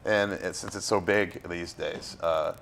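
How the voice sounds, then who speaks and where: A man's voice: low voice, fairly even intonation, measured pace, gravelly, a bit bright. A man from Florida, an actor being interviewed, talking in a loose, rambling way with fillers and restarts. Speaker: actor, guest. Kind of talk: casual interview.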